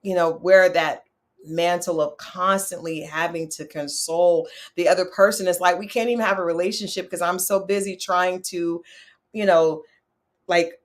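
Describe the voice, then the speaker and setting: A woman hosting a casual reality-show recap, chatty and opinionated, talking straight to her viewers. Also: fairly low pitch. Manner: chatty, opinionated, talks to viewers, animated asides. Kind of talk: casual chat.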